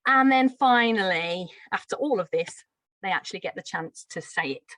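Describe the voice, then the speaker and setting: A woman's voice: medium pitch, expressive, moderate pace, fairly bright tone, dry recording, rough recording. A woman from Birmingham with a Brummie accent, explaining a pronunciation drill in a friendly teaching manner. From Birmingham, England. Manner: friendly, explanatory, with light laughs. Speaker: teacher trainer. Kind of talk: live teacher-training lesson.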